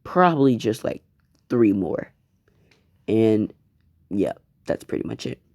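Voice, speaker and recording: A man's voice: on the low side, big pitch swings, slow, vocal fry, a little mellow. A man narrating improvised fan fiction in a casual, rambling, profane way. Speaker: fan storyteller.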